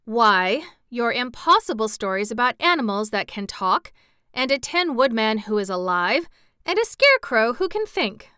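A haughty yellow hen in a storybook, cross and snappish with scorn, as a woman reader puts her on. The voice rises higher and louder than plain talk, smooth and resonant, in a dry, close sound. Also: very animated, moderate pace, dry recording. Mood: scornful.

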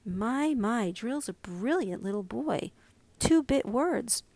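A patient, amused mother, read by a woman, calm and lightly teasing. She speaks slowly and evenly. The sound is dry, with no room around it. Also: on the high side, no echo, pitched above the performer's own voice, heavily acted.

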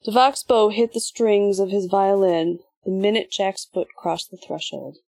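A woman reading an audiobook in measured, even scripted narration. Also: medium pitch, creaky, husky, no echo.

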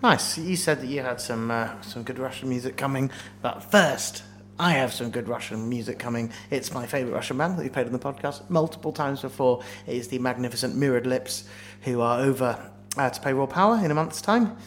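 Man, co-host, medium pitch, enthusiastic chat, faint hum. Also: fairly quick, few pauses, a bit bright. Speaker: podcast co-host. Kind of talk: casual chat introducing tracks.

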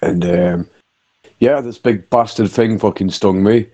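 A man's voice: fairly low pitch, unhurried, dark tone. A man telling a sweary anecdote to friends in a casual group chat. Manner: sweary, laughing storyteller.

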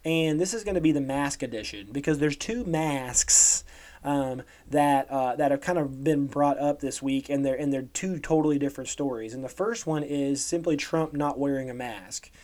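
A man with a medium-pitched, slightly mellow voice speaks at a moderate pace. As a podcast co-host, he rants about current events with sarcasm and emphasis, often tacking "okay?" onto his lines.

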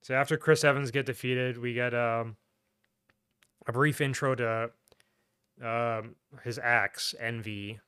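A man co-hosts a casual podcast, rambling through a film recap with plenty of filler words and quick laughs. His voice is smooth and clean. It sits dry and close, with no room sound around it. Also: mid-range voice, fairly even intonation, sharp tone, no room sound. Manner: rambling, laughing, full of "like" and restarts. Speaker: podcast co-host. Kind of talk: casual movie recap chat.

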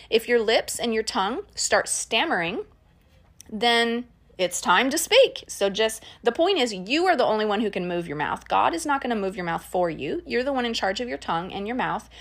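A woman's voice: a little high, fairly bright tone. Earnest woman teaching faith, conversational. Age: adult parent. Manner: earnest, encouraging, conversational with fillers. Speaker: Christian podcast teacher. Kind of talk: casual teaching talk.

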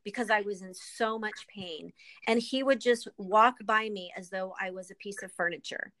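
An author appears as a guest in a candid interview, speaking earnestly and with emotion, frequently pausing on ums and restarting. Her medium-pitched voice is bright and forceful; there's no echo, but the audio is poor.

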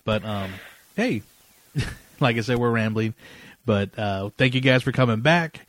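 A man's voice: mid-range voice, measured pace, fairly bright tone, no room sound. A man co-hosting a podcast in casual chat, rambling with lots of fillers and frequent laughter. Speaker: podcast co-host.

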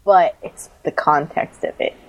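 A woman in casual conversation, talking in a loose, chatty way full of fillers and quick laughs. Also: rough recording. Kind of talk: casual chat.

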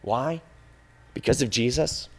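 A male preacher delivering an impassioned, repetitive sermon, swinging from hushed, intimate lines to loud, driving ones. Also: mid-range voice, measured pace, husky.

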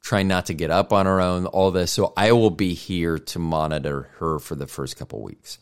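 Rambling low-voiced man hosting a podcast. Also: steady tone, moderate pace, clean tone. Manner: rambling, self-deprecating, thinks aloud. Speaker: podcast host. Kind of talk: casual solo podcast monologue.

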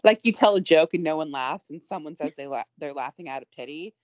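A woman's voice: low voice, lively intonation, a little fast, darkish tone, dry recording. A woman co-hosting a podcast in casual chat, rambling and self-deprecating with frequent giggles. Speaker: podcast co-host.

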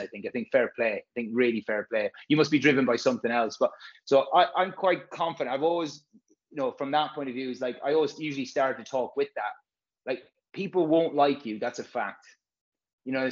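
On a lo-fi recording, a medium-pitched man who presents a physio course talks casually and frankly. It's loose podcast chatter, full of rambling and free swearing.

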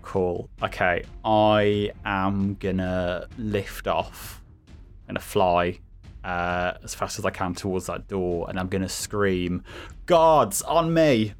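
Low, gravelly player. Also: male voice, flat delivery, faint music behind. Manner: eager, quick questions. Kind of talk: tabletop role-play chat.

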